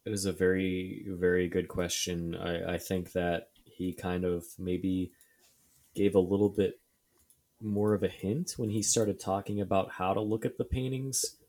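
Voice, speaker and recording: A man's voice: deep voice, level tone, unhurried, a little mellow. A young adult man co-hosting a casual podcast, thinking aloud with many fillers and restarts. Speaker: podcast co-host.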